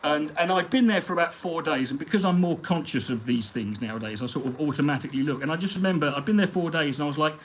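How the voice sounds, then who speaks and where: Picture a man chatting casually to his live stream audience, his voice pitched slightly above the usual male range. He drifts through stories and sprinkles them with swearing. A faint background hum sits under his voice. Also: fast talker, hardly any pauses, low-quality recording. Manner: profane, rambling storyteller. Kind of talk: casual anecdotal chat.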